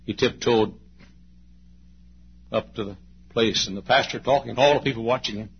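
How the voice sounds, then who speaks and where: A preacher in his late fifties with a husky voice tells a story from the pulpit, letting his voice rise high and loud before dropping to a hush. The recording is dull and lo-fi, like an old church tape. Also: moderate pace. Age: late 50s. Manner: dramatic storyteller, swings from loud to hushed. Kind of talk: storytelling sermon.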